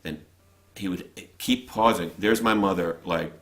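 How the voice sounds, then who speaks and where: A middle-aged man with a very low voice talks casually over old family footage. He speaks in a relaxed, chatty way, restarting sentences as he goes. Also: a little slow. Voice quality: conversational, with restarts and laughs. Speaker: narrator of family film. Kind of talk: casual commentary over home video.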